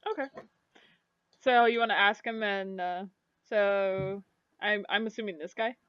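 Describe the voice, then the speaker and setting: A woman's voice: medium pitch, fairly even intonation, unhurried, clear, resonant tone, no room sound, muffled recording. A woman running a tabletop game as game master, narrating casually with lots of fillers.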